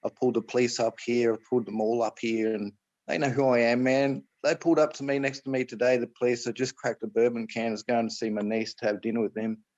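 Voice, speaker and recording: A man's voice: medium pitch, little pitch movement, quick pace, darkish tone, muffled recording. A man with an Australian accent talking in a loose, rambling way on a call, often restarting and tossing in "right?" and "mate". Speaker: guest explaining private trusts. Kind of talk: casual rambling chat on a call.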